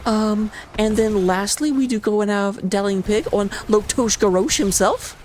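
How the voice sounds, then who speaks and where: A woman casting a live esports match, talking rapidly and excitably with a playful, jokey manner. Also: medium pitch, slight background noise. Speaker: esports caster. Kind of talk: live game commentary on a stream.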